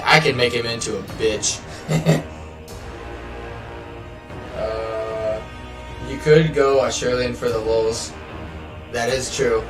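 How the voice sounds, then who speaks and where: A male streamer talks slowly and loosely over his gameplay, rambling and swearing as he goes. He sounds a little far from the mic in a roomy space. Game music plays clearly behind him. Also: mid-range voice. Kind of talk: casual live gameplay chat.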